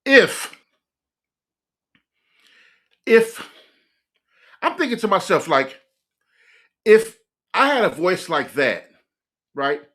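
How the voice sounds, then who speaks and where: A young man hosting a music reaction, chatting casually in an excitable, rambling way full of "like". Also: high voice, takes it slowly, pauses often. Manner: excitable, rambling, fills speech with "like".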